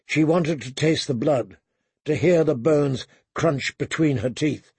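A man narrates a story in a steady, measured reading. His voice is gravelly and a little husky, fairly high for a man. The recording is close and dry. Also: no echo. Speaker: audiobook narrator. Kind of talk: scripted narration.

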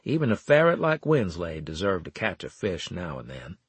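A man reads a first-person audiobook with a husky, slightly breathy voice that swings widely in pitch. His delivery is wry and animated, leaning into the story's humor. The sound is dry and close, with no room around it. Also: normal speed, no room sound. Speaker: audiobook narrator.

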